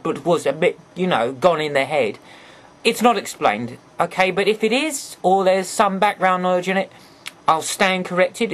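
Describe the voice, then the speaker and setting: Lively, rambling male toy reviewer. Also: high-pitched. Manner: rambling, chatty, with joking apologetic asides.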